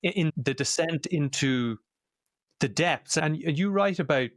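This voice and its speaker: A man's voice: a little high, expressive, unhurried, dry recording, clean studio sound. A man hosting a podcast, talking in an earnest, reflective conversational way. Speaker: podcast host.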